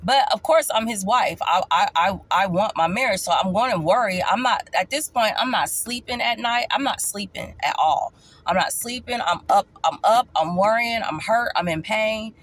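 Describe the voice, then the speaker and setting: Woman vlogger, casual storytime, emphatic, repeats herself, jumps up in pitch to stress a point. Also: moderate pace, a bit bright. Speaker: vlogger telling her life story.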